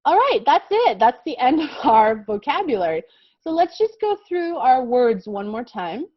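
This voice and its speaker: A woman's voice: high voice, big pitch swings, normal speed, husky, dry recording, lo-fi sound. An American woman teaching a kindergarten vocabulary lesson, explaining patiently and encouragingly and often checking that the children follow.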